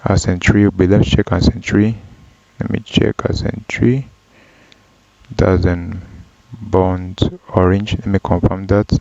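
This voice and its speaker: A man teaching a data analysis tutorial, walking through each step slowly with frequent ums and self-corrections. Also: deep voice, little pitch movement, gravelly, darkish tone. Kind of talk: screen-recorded software tutorial. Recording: dull, dry lo-fi voice track.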